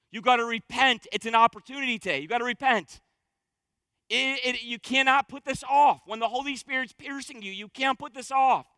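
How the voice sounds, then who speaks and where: A male pastor with a very high, bright voice, preaching from the pulpit in a fervent, exhorting sermon. He presses his points with urgent repetition. The sound is close and dry. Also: no room sound. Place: church stage.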